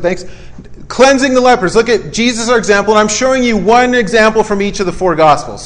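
Male preacher, raised pitch, chatty sermon delivery with punchy short lines. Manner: conversational, keeps checking in with listeners; emphatic, punchy short phrases.

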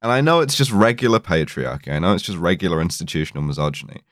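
A man's voice: low-pitched, sing-song, fast talker, fairly bright tone, no echo, studio quality. A man co-hosting a podcast, sardonic and sweary. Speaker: podcast co-host. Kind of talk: casual podcast chat.

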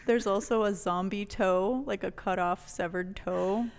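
Woman, from New Mexico, casual storyteller, lively, cusses, middle pitch, reverberant sound. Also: a little slow. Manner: animated, swears freely, laughs often. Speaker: podcast guest telling a story.

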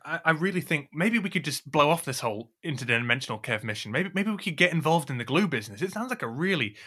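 A man performing improvised audio comedy, breezy and stammering, easily excited. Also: fairly high pitch, quick pace, breathy edge.

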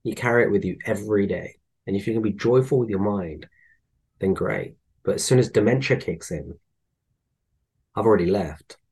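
A man, chatting casually and telling animated anecdotes. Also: on the low side, moderate pace, husky. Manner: animated storyteller, acts out voices in anecdotes. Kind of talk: casual conversation.

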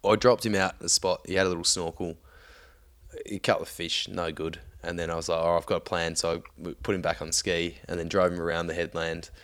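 A man's voice: deep voice, level tone, a little fast, a bit bright. A man casually telling a story on a podcast, laid-back, swearing often and laughing along.

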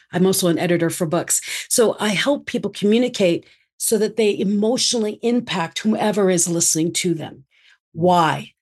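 A woman's voice: mid-range voice, a little mellow, husky. Emphatic woman speaker coach. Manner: emphatic, coaching tone with dramatic shifts in intonation. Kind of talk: interview answers.

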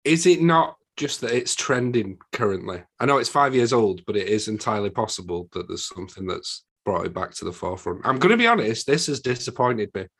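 A man's voice: on the low side, expressive, fairly quick, hardly any pauses, fairly bright tone, husky. A man with a northern English accent co-hosting a movie podcast, chatting in a wry, teasing way. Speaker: podcast co-host. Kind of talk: casual chat.

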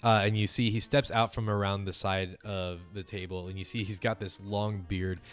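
Deep-voiced man running a tabletop game. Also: normal speed, faint music behind. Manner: relaxed, rambling, lots of fillers. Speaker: game master.

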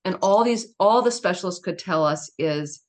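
A woman's voice: fairly low pitch, normal speed. A middle-aged woman speaking as a guest in an interview, telling a personal story in a candid, emphatic way with laughs and asides.

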